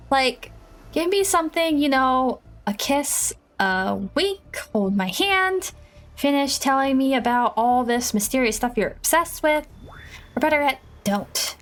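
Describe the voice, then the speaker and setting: A woman's voice: high voice, animated, slow pace, faint music behind, low-quality recording. A woman streaming a dating game, chatting casually, playful and dramatically whiny, mocking herself. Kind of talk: casual live-stream gameplay commentary.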